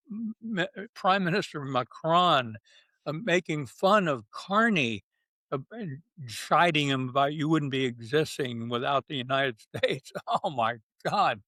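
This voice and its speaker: A man's voice: a little high, pushed and bright, dry recording. An older man, a retired general, speaking bluntly and emphatically in an interview, with short punchy phrases. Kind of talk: candid interview talk.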